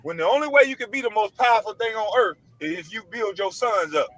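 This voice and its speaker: Male online commentator, high bright voice, emphatic and preachy, slangy and repetitive, computer mic. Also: lively intonation, quick pace, rough recording. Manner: emphatic, preachy, repeats his points; blunt, casual slang. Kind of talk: ranting monologue to camera.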